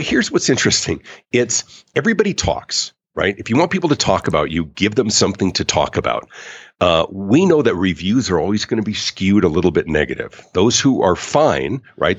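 A man talking as a guest in a podcast interview, emphatic and animated. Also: low-pitched, no room sound, dull audio. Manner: animated, emphatic, acts out quoted customers. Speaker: author and customer experience speaker, guest.

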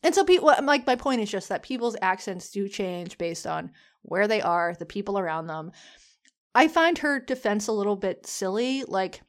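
A woman's voice: medium pitch, very animated, normal speed. A woman co-hosting a podcast in casual chat, talking with lots of fillers and restarts. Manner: chatty, many fillers and restarts. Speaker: podcast co-host.

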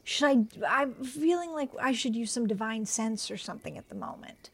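A woman's voice: a little high, sing-song, normal speed, creaky, husky. Thoughtful woman playing a tabletop game. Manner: thoughtful, a bit tentative. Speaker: player. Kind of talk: tabletop role-play.

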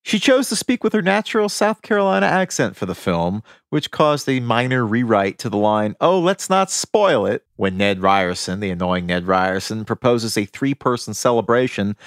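A man's voice: lowish voice, normal speed, dry recording. A man on a podcast rattles off film trivia with real enthusiasm, and his voice rises and falls a lot. He laughs easily. The sound is dry and close, with no room behind him. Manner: animated, enthusiastic, laughs often. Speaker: podcast co-host. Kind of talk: casual film-trivia chat.

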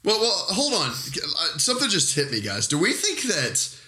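A man co-hosting a podcast, joking in an animated, emphatic way. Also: sits high, moderate pace. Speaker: podcast co-host. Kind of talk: casual comedic chat.

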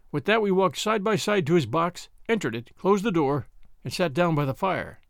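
A man narrating a ghost story in a measured, expressive reading for a radio-style show. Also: high voice, creaky, dry recording, clean studio sound.

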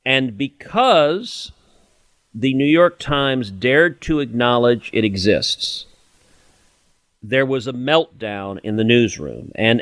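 A man's voice: medium pitch, fairly bright tone, dry recording. A man hosting a political podcast, talking in an emphatic, sarcastic way that builds into indignation. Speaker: podcast host, senator.

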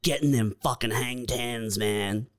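A man's voice: medium pitch, unhurried. A man co-hosting a comedy podcast, talking in a laid-back way, often saying "man" and "uh". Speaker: podcast co-host. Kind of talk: casual podcast chat.

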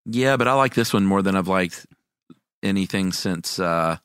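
A man's voice: sits low, normal speed, a bit bright, clear, resonant tone. A man co-hosting a podcast, casually joking as he runs through a list of movies. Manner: joking, listing movies with playful intros. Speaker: podcast co-host.

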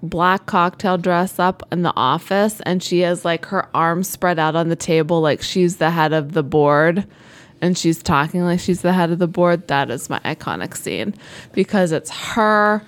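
A woman's voice: on the low side, a little slow. A woman co-hosting a chatty podcast with a teasing, playfully boastful manner. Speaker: podcast co-host. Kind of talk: casual chat.

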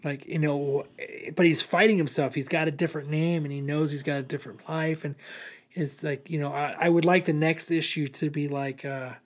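Podcast co-host, male, loose filler-heavy storytelling, a bit high. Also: fairly even intonation, normal speed. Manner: rambling, filler-heavy retelling. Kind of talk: casual comic book recap.

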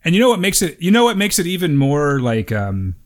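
A man's voice: on the high side, big pitch swings, fairly quick. A man in his thirties co-hosting a podcast, chatting casually and joking around. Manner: joking, playful impressions. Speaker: podcast co-host. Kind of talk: casual chat.

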